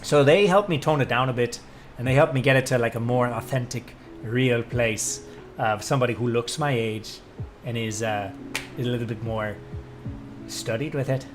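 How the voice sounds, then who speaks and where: A man's voice: mid-range voice, steady tone, soft background music. Profane, ranting American male streamer. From United States. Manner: profane, ranting, gets loud and drawn-out when worked up. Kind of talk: casual live-stream chat.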